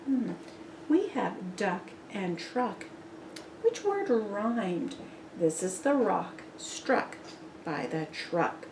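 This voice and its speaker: A woman reading a picture book aloud to young children, pausing to ask which words rhyme and praising answers. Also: medium pitch, very animated, noisy background. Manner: patient, praising, asks questions. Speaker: storybook reader. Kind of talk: children's read-aloud with rhyming quiz.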